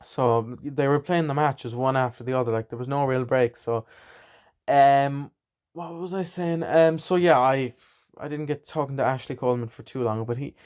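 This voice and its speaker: A man's voice: medium pitch, normal speed, a little mellow. A young Irish man hosting his own podcast, rambling and chatty with a self-deprecating streak. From Ireland. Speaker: podcast host. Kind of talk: casual solo podcast chat.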